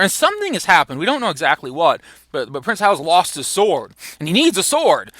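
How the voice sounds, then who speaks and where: A man giving a recorded literature lecture, animated, with many fillers and restarts. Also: a little high, brisk, no echo.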